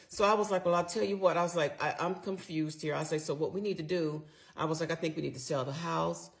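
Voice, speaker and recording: With a voice on the low side and a moderate pace, a middle-aged woman tells a personal story as a casual storytime monologue. She addresses her listeners directly, staying candid and emphatic and using salty slang.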